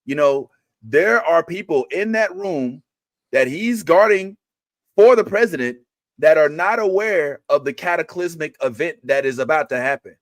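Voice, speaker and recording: A man argues his point earnestly in casual livestream talk. His voice is high for a man, and the sound is dry and close with no room in it. He slips into even higher voices to mimic people. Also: moderate pace, no room sound. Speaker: podcast co-host. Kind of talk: casual livestream show discussion.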